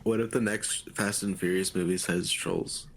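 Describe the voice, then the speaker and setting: A man's voice: sits low, steady tone, moderate pace, creaky. A man co-hosting a podcast, laid-back in casual chat, giving brief replies and reading out a list. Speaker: podcast co-host.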